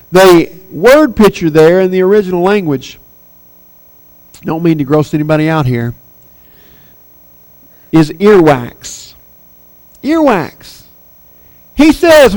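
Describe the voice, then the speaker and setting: A man's voice: sits high, poor audio. A man preaching a sermon, earnest and emphatic, pressing hard on his key points.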